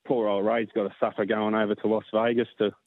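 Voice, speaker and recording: An Australian man calling in to a radio show, chatting casually and warmly, sometimes getting emotional. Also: on the low side, level tone, quick pace. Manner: heartfelt, gets emotional. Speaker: caller. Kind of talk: casual phone-in chat. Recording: tinny phone line.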